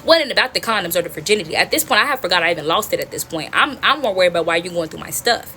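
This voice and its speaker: A young woman vlogger rattling through a personal story, full of slang and swearing, and talking straight to her viewers. Her voice is bright and a little high, and the pace is quick. A faint hum of background noise sits under it. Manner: animated, slangy, profane, addresses viewers as y'all.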